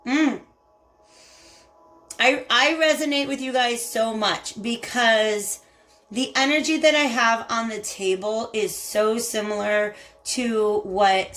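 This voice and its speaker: A woman's voice: medium pitch, a bit bright. A woman with a Southern US accent giving a chatty, effusive tarot reading and talking straight to her viewers. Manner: chatty and effusive, addresses viewers as "you guys". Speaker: tarot reader. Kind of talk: casual spiritual tarot reading.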